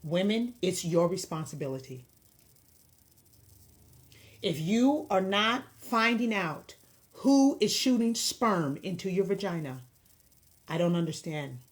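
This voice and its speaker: Her voice fairly low yet animated, a woman who offers counseling speaks slowly and pauses often while lecturing viewers directly to camera in a commentary video. She's blunt and impassioned.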